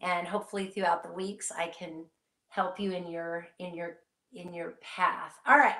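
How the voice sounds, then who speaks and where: A woman's voice: on the low side, fairly even intonation, normal speed, sharp tone, roomy sound. A woman hosting a live psychic question-and-answer stream, speaking earnestly and reassuringly straight to her viewers.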